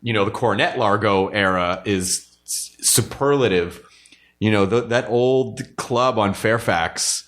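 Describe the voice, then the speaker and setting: A man's voice: on the low side, measured pace, a bit bright. A man in his forties hosting a podcast, chatting in a rambling, jokey way. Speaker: podcast host. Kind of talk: casual conversation.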